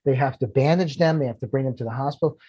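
Earnest firefighter guy on a podcast, mellow voice, repeats himself when it gets emotional. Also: medium pitch, rapid-fire, breathy edge, no room sound, dull audio. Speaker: firefighter and author, podcast guest. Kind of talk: emotional personal storytelling.

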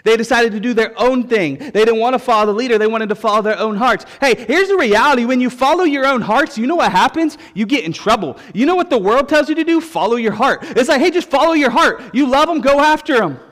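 A male pastor preaching a sermon, telling stories with repeated refrains in an animated way. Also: extremely high pitch, quick pace, hardly any pauses. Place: church sanctuary. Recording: long reverb of a church hall.

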